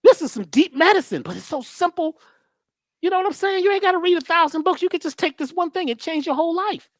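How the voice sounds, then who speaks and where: A woman's voice: very high-pitched, animated, quick pace, dry recording, clean studio sound. A woman giving a preachy motivational talk as a guest, full of rhetorical questions, repeated phrases and slang. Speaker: guest teacher on mindset and healing.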